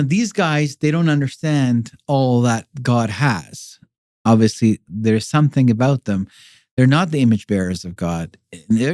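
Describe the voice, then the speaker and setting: Male guest with a warm, relaxed voice and a dry sound; talks loosely, with stops and restarts. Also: medium pitch, no echo. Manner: rambling, with many fillers and repeated restarts. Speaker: podcast guest. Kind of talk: casual explanatory conversation.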